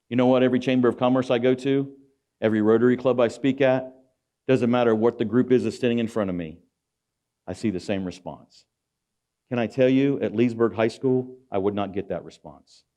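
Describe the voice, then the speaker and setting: A man's voice: on the low side, a little mellow. Man preaching motivation to an audience. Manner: rhetorical, calls out to the audience. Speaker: guest speaker. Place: auditorium.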